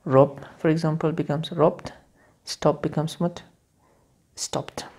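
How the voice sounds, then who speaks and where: A woman's voice: low-pitched, level tone, darkish tone. A woman teaching English grammar in a video lesson. She repeats key words over and over and explains step by step, with frequent restarts. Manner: halting, with restarts and fillers while explaining.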